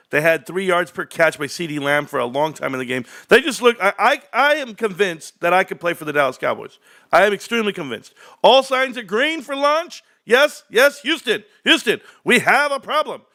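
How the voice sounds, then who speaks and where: This is a man hosting a livestream, and his voice sits high and bright with an edge to it. He rants to his chat in a loud, hyped way, jumping from one topic to the next. It is a fast, excitable stream-host delivery. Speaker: stock market livestream host.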